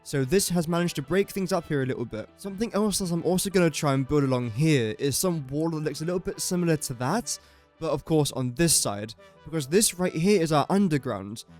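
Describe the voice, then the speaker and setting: A man's voice: fairly high pitch, lively intonation, brisk, a little mellow, faint music behind. A young man from England with an English accent, giving chatty, self-deprecating gameplay commentary as he builds. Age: young adult. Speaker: gaming YouTuber.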